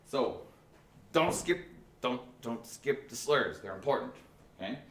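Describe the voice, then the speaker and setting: A man's voice: medium pitch, lively intonation, a little slow, fairly bright tone. A man teaching a remote band lesson, patiently explaining step by step with restarts. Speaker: music teacher. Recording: echoey room, faint noise.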